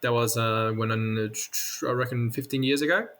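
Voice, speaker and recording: A man's voice: mid-range voice, steady tone, a little fast, a bit bright. A man from Venezuela with a Venezuelan Spanish accent, a podcast guest chatting casually and laughing easily. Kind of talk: casual interview chat.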